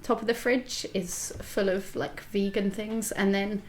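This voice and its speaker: A woman's voice: medium pitch, steady tone, unhurried, darkish tone, slight background noise. A woman hosting a podcast, trading giggly, easygoing banter on a made-up date. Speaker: podcast host. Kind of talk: playful fantasy-date chat.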